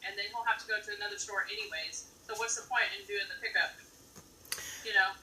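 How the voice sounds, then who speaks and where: Very bright woman heard from off-mic. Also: medium pitch, steady tone, quick pace, roomy sound, recorded from a distance, poor audio. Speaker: co-host. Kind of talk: casual live-stream chat. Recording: set back from the mic, faint room noise.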